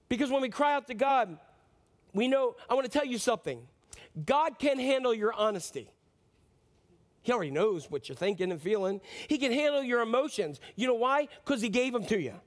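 A man with a notably high voice preaches an earnest, impassioned sermon. He speaks straight to his congregation and keeps putting questions to them as he goes. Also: expressive, brisk. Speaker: pastor.

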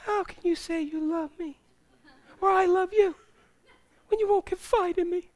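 Whiny nagging seductress, very high falsetto, pleading and theatrical, put on by a male preacher. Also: steady tone, normal speed.

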